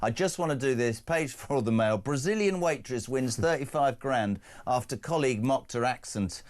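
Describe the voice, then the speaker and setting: A man's voice: medium pitch, expressive, normal speed. A man hosting a radio breakfast show, ranting and joking in brash, opinionated banter.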